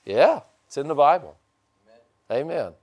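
Delivering a sermon at a normal pace, a middle-aged pastor speaks in a folksy, meandering way. He restarts often and breaks into abrupt, high-pitched, loud surges of excitement.

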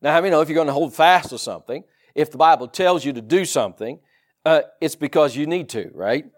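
Preaching a sermon to his flock, a Southern-accented pastor keeps things relaxed and homespun, dropping in asides and brief chuckles. He has a slightly high voice for a man that bounces up and down energetically.

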